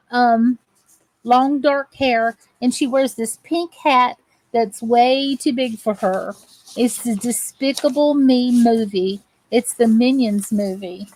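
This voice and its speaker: A woman hosts a live crochet chat on her crafting channel, talking to viewers and greeting them by name as she works. Her voice is on the high side and a little mellow, in a low-quality recording with no echo.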